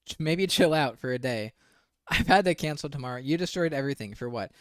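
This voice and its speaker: A male streamer reacting to screenshots, reading messages aloud in a flat mumble and breaking in with incredulous, profane commentary. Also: medium pitch, a little fast, dry recording, clean studio sound.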